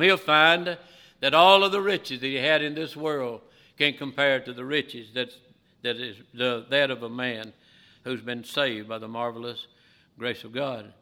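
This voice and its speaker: A male preacher delivering a sermon in a bright, forceful voice. He swings between loud, emphatic lines and quiet, hushed ones. His tone is earnest and pleading. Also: medium pitch.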